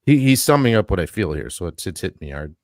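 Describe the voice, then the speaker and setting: A man's voice: sits low, sing-song, quick pace, darkish tone, no echo, studio quality. A man hosting a live-stream talk show, reading a statement aloud in an earnest way and adding his own asides. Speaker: podcast host.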